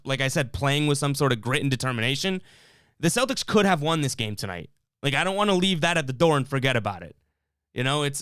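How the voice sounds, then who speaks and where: A man's voice: fairly high pitch, fairly bright tone, clean tone, no echo, studio quality. A man hosting a live sports fan stream, reading chat comments and ranting in a fired-up, rambling way with lots of restarts.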